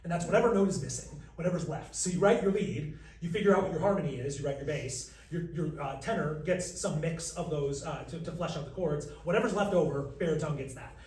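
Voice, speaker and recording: A man's voice: a little high, a little fast, far from the mic. Man teaching a singing class, roomy. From United States. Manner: lively, jokey, demonstrates by singing. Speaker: vocal coach leading a masterclass. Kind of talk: live workshop talk. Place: large room with an audience. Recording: roomy, from across the room.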